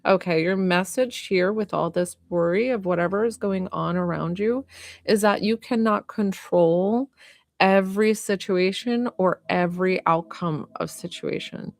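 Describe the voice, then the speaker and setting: During a live-stream reading and healing session, a woman medium and healer talks softly and without rushing, often using fillers. Her voice is fairly low, gravelly and unhurried, recorded with no echo.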